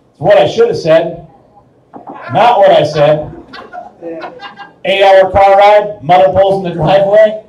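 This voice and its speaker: A man's voice: sits high, moderate pace, darkish tone. A young man doing a crude, self-mocking stand-up set in a small bar. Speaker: stand-up comedian. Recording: echoey bar from far off.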